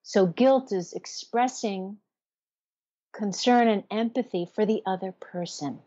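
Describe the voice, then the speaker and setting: A woman's voice: medium pitch, a little slow, warm tone, dry recording. A woman therapist, interviewed as a guest, explaining ideas earnestly and voicing inner self-talk as examples. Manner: earnest, teaching, acts out self-talk in quotes. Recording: dull, lo-fi, dry sound.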